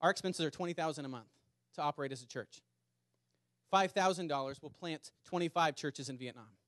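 An earnest male pastor delivering a sermon to a small congregation, his voice sitting a touch high for a man. He repeats phrases and slows down to press a point home. The sound is close and dry, with little room echo. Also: fairly bright tone. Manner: earnest, repeats words, speeds up and slows for emphasis. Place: small church meeting in a community center.

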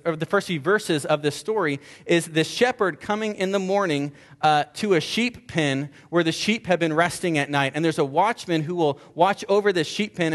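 A man's voice: fairly high pitch, long reverb tail. A male pastor delivering an earnest sermon, stressing points with repeated rhetorical questions.

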